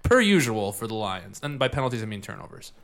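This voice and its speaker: A man's voice: lowish voice, very animated, quick pace, a bit bright. A man hosting a casual podcast chat, laid-back and laughing often as he rambles about beer and football. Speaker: podcast host.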